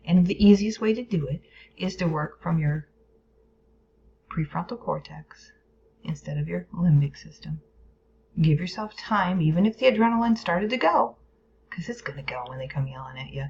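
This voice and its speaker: A woman's voice: fairly low pitch, expressive, moderate pace, gravelly, a little mellow, a little hiss or hum. A woman teaching a lesson on stress and the brain, explaining plainly with playful whispered asides and acted inner voices. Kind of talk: educational video lesson. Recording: dull lo-fi recording.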